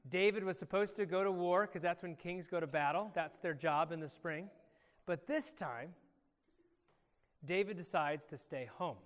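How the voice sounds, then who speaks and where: Male pastor, high voice, animated kids' lesson, echoey church hall. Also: normal speed. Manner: animated, quizzes children by name. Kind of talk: children's Bible lesson.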